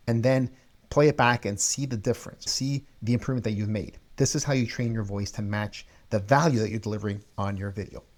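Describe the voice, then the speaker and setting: Energetic man coaching on camera. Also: fairly low pitch, brisk. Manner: energetic, emphatic, stresses key words. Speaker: video coaching host. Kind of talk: energetic instructional talk.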